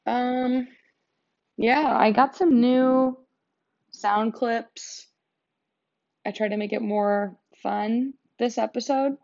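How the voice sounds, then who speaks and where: A woman's voice: on the high side, fairly even intonation, drawn-out words, vocal fry, pauses often, darkish tone, dull audio. Rambling young woman on a couch. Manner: rambling, self-deprecating, lots of "like" and "um". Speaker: podcast host. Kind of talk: casual solo podcast chat. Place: sitting on a couch at home.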